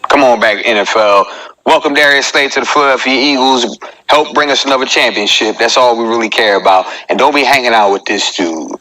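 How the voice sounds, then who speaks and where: A male comedian in his thirties hosts a casual live-stream monologue. His voice is bright and forceful, and he jokes with his viewers and talks straight to them. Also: mid-range voice, a little fast, low-quality recording. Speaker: comedian hosting his own live show.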